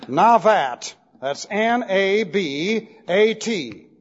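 A male preacher teaches verse by verse, leaning hard on the words he wants to land. His voice sits a little high for a man. The recording is dull and muffled, with a long reverb trailing through a large hall. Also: lively intonation, a little hiss or hum. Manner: emphatic, drawn-out stress on key words. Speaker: pastor. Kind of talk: expository Bible sermon.

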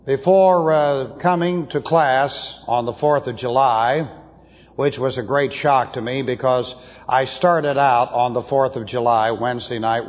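A man preaching to a Bible class, blunt and opinionated, slowing down to press his points. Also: a little high, a little mellow. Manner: blunt, opinionated, slows for emphasis. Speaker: pastor teaching a Bible class. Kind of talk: sermon lecture. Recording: dull lo-fi tape in a reverberant hall.

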